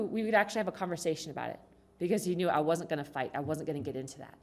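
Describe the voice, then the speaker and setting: A woman giving a conversational talk to a congregation, asking the audience questions. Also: on the low side. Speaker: speaker at a congregation. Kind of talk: talk on communication.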